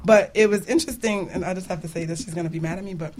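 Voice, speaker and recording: A woman's voice: on the low side, rapid-fire, darkish tone, a little hiss or hum. A woman hosting her own radio talk show, chatting casually and animatedly, laughing often between points.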